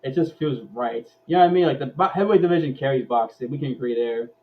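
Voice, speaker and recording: A man hosting a casual live-stream sports chat in an ordinary middle-pitched voice. He often stumbles and repeats words before he gets a thought out. His audio sounds dull and lo-fi. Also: fast talker, crowd noise. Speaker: host.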